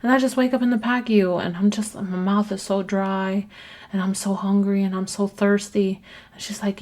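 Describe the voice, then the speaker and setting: A woman's voice: mid-range voice, steady tone, normal speed. Candid swearing woman podcaster. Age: adult with children. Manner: candid, swears casually, trails off and restarts. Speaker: podcast host. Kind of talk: rambling personal monologue.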